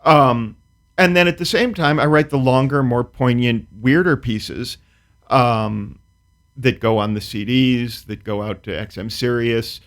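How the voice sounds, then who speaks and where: A man's voice: medium pitch, steady tone, fairly bright tone. Wry man telling a comic story. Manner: dry, precise, wry storytelling with pauses. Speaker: comedian and storyteller guest. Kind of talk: casual talk-show chat.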